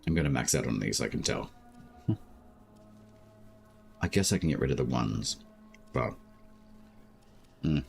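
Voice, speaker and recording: A very deep-voiced Australian man chats while streaming a game. He speaks slowly and easily, with plenty of filler words, and faint music plays behind him. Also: animated, vocal fry. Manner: slow, laid-back talk with many "like" fillers. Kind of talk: casual live-stream chat.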